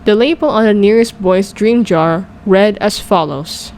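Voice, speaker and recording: A woman narrating a children's storybook with gentle, even reading. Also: medium pitch, a little slow, slight background noise. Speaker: audiobook narrator.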